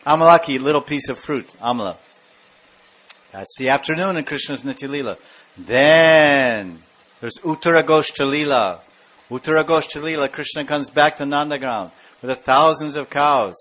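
A man giving a devotional talk, telling sacred stories in an animated way and turning to the listeners with questions. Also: on the high side. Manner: animated storyteller acting out scenes, with asides to the audience. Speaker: spiritual speaker. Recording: dull lo-fi recording.

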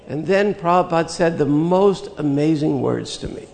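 An older man telling a personal spiritual story in an earnest, reflective way, with slow pauses. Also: a little high, vocal fry, a little mellow, big-room sound. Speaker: spiritual teacher recounting memories.

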